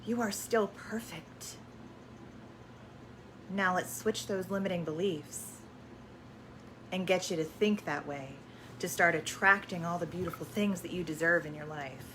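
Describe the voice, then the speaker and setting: A woman's voice: lowish voice, moderate pace, noisy background. A woman spiritual energy coach in casual promotional chat, effusive and affirming, often repeating herself and using uplifting self-help language.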